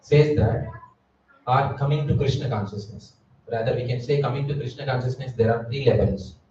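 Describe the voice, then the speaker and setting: A man's voice: medium pitch, moderate pace, dark tone, a little hiss or hum. A man giving a Sunday sermon at a temple, asking his listeners rhetorical questions. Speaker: preacher. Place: temple hall. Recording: echoey hall, distant mic, dull sound.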